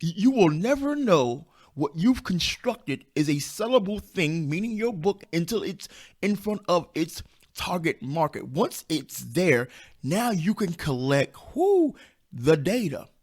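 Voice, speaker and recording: A squeaky, somewhat high-pitched man in his fifties talks through an unscripted motivational podcast monologue. His voice has a gravelly edge, and he speaks bluntly and down-to-earth, hammering his main points by saying them again. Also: lively intonation, measured pace, darkish tone. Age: 50s. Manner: emphatic, repeats key points for stress. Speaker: podcast host and self-publishing coach.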